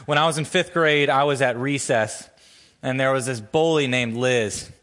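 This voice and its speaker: A male church pastor preaches in a sanctuary, starting with a prayer and then telling a story with earnest emphasis. His slightly bright voice moves at a moderate pace, rising in pitch as he builds emphasis.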